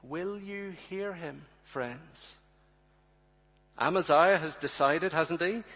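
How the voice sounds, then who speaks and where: Slow, emphatic male preacher in a reverberant hall. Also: on the high side, fairly bright tone. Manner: emphatic, rhetorical questions, addresses congregation directly. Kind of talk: sermon. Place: church.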